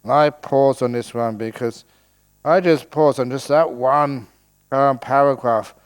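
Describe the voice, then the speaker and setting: A man's voice: medium pitch, steady tone, unhurried, smooth. An older man giving a playful dharma talk at a meditation retreat, joking and laughing as he teaches.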